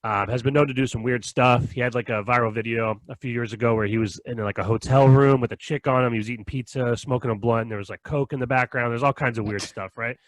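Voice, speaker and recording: A man's voice: mid-range voice, steady tone, quick pace, few pauses, no room sound. A man hosting a podcast, telling rambling stories in casual chat and acting out what others said, laughing often. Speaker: podcast host.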